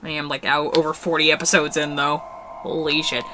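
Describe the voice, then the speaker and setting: A woman's voice: low voice, little pitch movement, brisk, noisy background. A young woman playing a video game, reading its text aloud and chatting casually, tired, laughing often and swearing now and then. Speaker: let's play gamer. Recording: faint background music.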